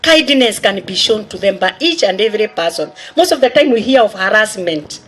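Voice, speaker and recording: A woman's voice: mid-range voice, animated, fairly quick, a bit bright, a little hiss or hum. A woman giving an earnest encouragement speech to schoolgirls, listing values one by one. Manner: earnest, list-like. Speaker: speaker.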